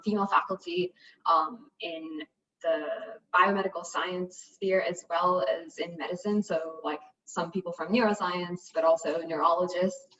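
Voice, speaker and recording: A woman's voice: lowish voice, far from the mic. A young woman, a student group president, presenting chattily on a video call with many fillers. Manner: chatty, fillers, speaking softer in places. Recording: dull lo-fi audio, off mic.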